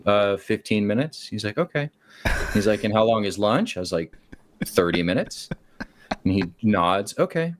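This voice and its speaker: Low-voiced man telling a work story. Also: moderate pace. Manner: animated, acts out quotes with shifting voices. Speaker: caller. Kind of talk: casual storytelling on a call-in show.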